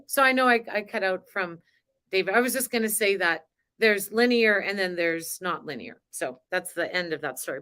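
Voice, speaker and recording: A woman's voice: medium pitch, sharp tone. A woman hosting a spiritual coaching live stream, talking in a chatty, emotional way with frequent laughs. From grew up on a farm. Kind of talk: casual live-stream talk.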